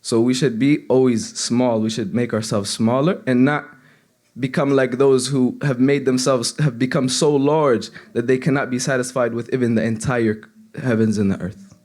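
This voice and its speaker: Young guy giving a casual sermon, earnest, restarts a lot, mid-pitched voice. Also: steady tone, normal speed, a little mellow. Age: young adult. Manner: earnest, conversational, with frequent restarts. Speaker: seminary student giving a reminder. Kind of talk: informal sermon.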